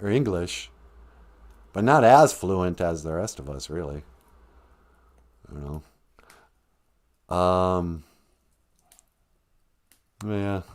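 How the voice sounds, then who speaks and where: A man's voice: on the low side, darkish tone. A man hosting a live-stream podcast, chatting casually in a rambling way and laughing often. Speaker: podcast host.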